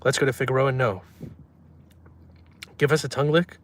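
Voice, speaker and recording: Deadpan young man trolling his livestream chat. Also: medium pitch, normal speed, a little hiss or hum. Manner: reads chat aloud and answers in a deadpan, trolling way. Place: in a car.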